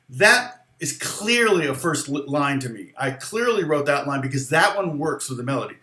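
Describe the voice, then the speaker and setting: A man's voice: on the high side, expressive, normal speed, hardly any pauses, reverberant. A man giving a casual songwriting lesson, rambling with restarts and fillers, now and then half-singing lyric lines to show a point. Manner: sings lyric snippets softly to demonstrate. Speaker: guitar teacher.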